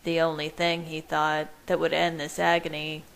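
A woman with a low voice reading fan fiction aloud in the first person. She narrates at a steady, measured pace. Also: gravelly, clear, resonant tone, low-quality recording. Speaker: reader.

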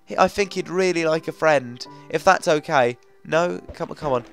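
A young man commentating a video game as he plays, chatting to himself, coaxing and easily frustrated, with sudden bursts of excitement. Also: fairly high pitch, moderate pace, vocal fry, faint music behind. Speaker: gaming commentator. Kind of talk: let's play commentary.

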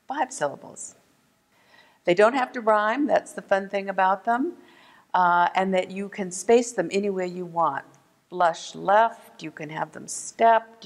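A woman teaching a lesson for children, gentle and clear, slowing down to sound out words. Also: fairly low pitch, big-room sound. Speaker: museum art educator. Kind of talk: instructional video lesson for kids.

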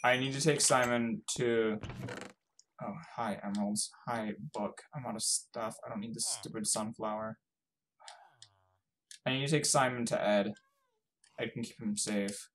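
A young man giving casual, swearing let's-play commentary, swinging from mumbling to frantic yelling. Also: fairly low pitch, steady tone, unhurried, long pauses, slight background noise. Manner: swears a lot. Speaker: gaming YouTuber.

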